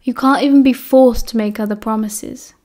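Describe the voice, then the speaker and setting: Woman voicing earnest british teen wizard, hurried, trying to sound calm. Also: a little high, close to an everyday voice. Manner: urgent, hurried but steady. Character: earnest, determined teenage male wizard.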